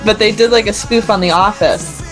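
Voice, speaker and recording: A woman's voice: mid-range voice, normal speed, faint music behind. An American woman chatting as a podcast guest in a bubbly, giggly, self-mocking way. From United States. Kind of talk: casual chat.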